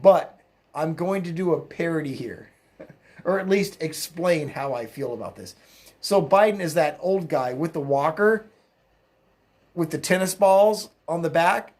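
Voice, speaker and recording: A political commentator ranting mockingly in a solo video, breaking into laughter often. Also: medium pitch.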